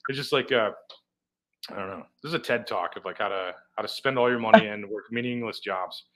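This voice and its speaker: A man, a touring comedian, chatting casually on a podcast, rambling and swearing through animated stories. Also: fairly low pitch, a little fast. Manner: rambling, profane, animated storytelling.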